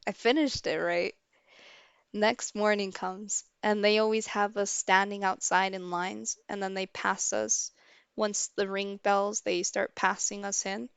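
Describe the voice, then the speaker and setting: A young woman with a gravelly, creaky edge to her mid-pitched voice, recounting a story on a livestream. She talks casually, swears freely and acts out what people said. The sound is dry and close. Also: no echo.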